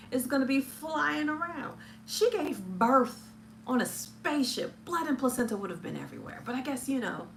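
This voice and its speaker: A woman with a fairly high voice reviews a superhero film in a loose, chatty stream. She hesitates often, restarts her sentences and keeps filling pauses with ums. She comes across as relaxed and talkative. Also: slight background noise. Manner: chatty, hesitant, many fillers, laughs often. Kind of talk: casual live chat review.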